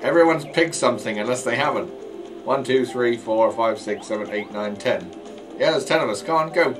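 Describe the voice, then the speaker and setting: A man's voice: medium pitch, moderate pace, poor audio. A man casually commenting while playing a racing game online, joking at his own mistakes and stumbling over words. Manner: jokey, self-mocking, stumbling over words. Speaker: gameplay commentator. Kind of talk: casual let's play commentary. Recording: game music behind the voice.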